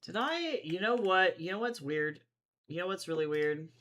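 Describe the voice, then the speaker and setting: A man in a casual drawing livestream, his voice sitting a touch high. He rambles through chat, swears freely and swings from loud bursts of excitement to low mumbles. Faint keyboard typing sits in the background. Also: moderate pace. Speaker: streamer drawing comics.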